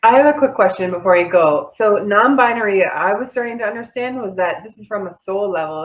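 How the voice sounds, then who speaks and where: A woman's voice: fairly low pitch, low-quality recording. A woman from the audience asking a long, meandering question, feeling her way through her words. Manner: meandering, searching phrasing.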